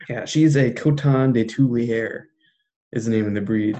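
A relaxed man talking casually with a friend, easygoing and ready to chuckle. His voice sits at a middle pitch. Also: normal speed. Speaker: friend chatting. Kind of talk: casual chat.

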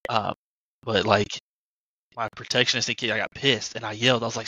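A man's voice: mid-range voice, steady tone, a little fast, long pauses, bright, forceful tone, no echo, rough recording. A young man telling a casual, swear-laced story about his family on a podcast. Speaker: podcast co-host. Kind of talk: casual chat.

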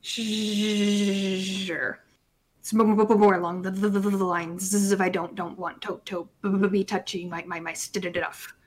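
A woman's voice: medium pitch, flat delivery, measured pace, husky. A woman voicing an anxious young woman with a heavy stutter in a tabletop role-play. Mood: flustered. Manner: heavy stutter, repeating sounds and words.

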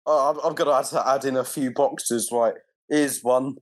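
A man's voice: mid-range voice, steady tone, moderate pace. A man co-hosting a podcast, chatting in an easygoing, giggly way. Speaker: podcast co-host. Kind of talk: casual chat.

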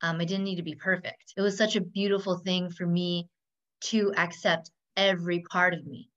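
A woman's voice: fairly low pitch, level tone, moderate pace, fairly bright tone, highs cut off. A woman talking as a coaching client, chatty and full of fillers, often laughing. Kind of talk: casual conversation.

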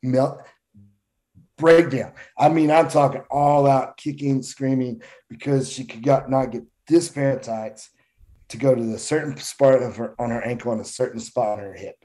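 Mellow-voiced man in casual chat. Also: medium pitch, fairly even intonation, normal speed.

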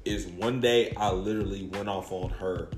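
A man's voice: low-pitched, steady tone, moderate pace, echoey room, over music. A man talking reflectively on a podcast, earnest, repeating key phrases for emphasis. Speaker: podcast guest interviewer.

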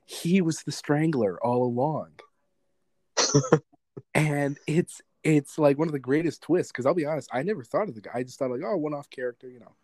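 A man's voice: fairly high pitch, normal speed, no room sound. A man co-hosting a podcast, casually and animatedly retelling movie scenes and acting out quotes. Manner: animated, rambling storyteller who acts out movie quotes. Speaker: podcast co-host.

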